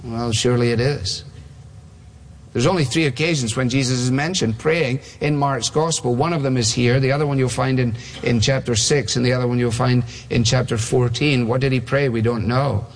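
A man's voice: mid-range voice, fairly even intonation, normal speed, big-room sound. A man preaching a sermon in a conversational way, asking rhetorical questions.

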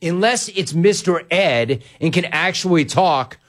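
A male sports talk host rolls through a monologue, his pitch leaping up and down as he gets worked up. He talks emphatically and tells stories in a conversational way, pushing back on listeners' comments. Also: expressive, normal speed, few pauses, a bit bright.

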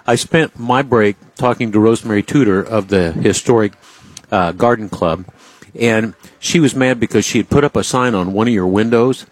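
A man with a husky voice co-hosts a casual talk segment. His voice sounds dry and close, with no room sound, and he tells stories in a chatty way. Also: on the low side, normal speed, no room sound, rough recording. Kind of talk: casual on-air chat.

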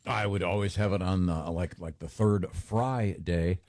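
A man's voice: deep voice, measured pace, noisy background. A man co-hosting a radio show, playful and teasing, laughing often with his co-hosts. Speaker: radio co-host. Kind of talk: casual radio banter.

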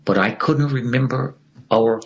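A man's voice: medium pitch, a little slow, creaky. A man telling a personal story as an interview guest, acting out what other people said. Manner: animated storyteller who acts out the dialogue of others.

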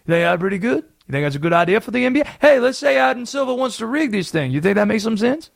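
A man putting on a Southern accent to play an excitable conspiracy-theorist sports pundit on a radio show. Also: sits high, creaky, dry recording, pitched above the performer's own voice, full character voice. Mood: scheming. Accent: American Southern. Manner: fast-talking, drawling, wheedling. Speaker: radio host.

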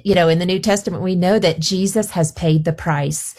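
A woman's voice: on the low side, fairly quick, darkish tone. A woman guest on a Christian radio show, earnestly teaching from scripture, often saying "you know". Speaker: guest speaker. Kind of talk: Bible teaching in a radio interview.

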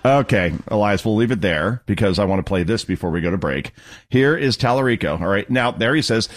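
A man hosting a talk radio show, delivering sarcastic, mocking political commentary. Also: fairly quick. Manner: sarcastic, mocking, lively pitch swings.

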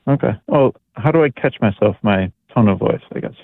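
A man's voice: medium pitch, expressive, brisk, gravelly, husky, dry recording. A man in his thirties calling in to a radio show, speaking hesitantly and self-consciously. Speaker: caller. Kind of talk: phone call to a radio show. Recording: tinny phone line.

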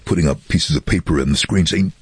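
A man who works as a voice-over artist, telling anecdotes in a relaxed way in a radio interview and now and then slipping into other people's voices. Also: fast talker, no echo. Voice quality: very deep, husky voice. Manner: relaxed storyteller who slips into quoted voices.

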